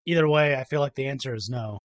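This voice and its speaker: A man's voice: medium pitch, quick pace. Man cracking wry jokes as co-host. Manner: joking, wry asides. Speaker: podcast co-host. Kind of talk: casual banter.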